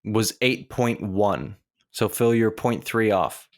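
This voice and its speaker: A man co-hosting a casual podcast, reading out scores in a measured, methodical way. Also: on the low side, expressive. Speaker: podcast co-host running a rating game. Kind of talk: casual chat.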